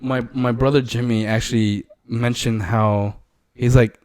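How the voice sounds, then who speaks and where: A man's voice: mid-range voice, fairly even intonation, a little slow, a little mellow, dry recording. A young man co-hosting a podcast, telling stories in a loose, rambling way with lots of fillers. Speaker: podcast co-host. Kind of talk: casual chat.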